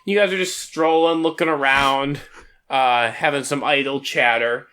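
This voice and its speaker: A man narrating a tabletop game as game master, describing scenes with frequent pauses. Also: medium pitch, fairly even intonation, heavy background noise.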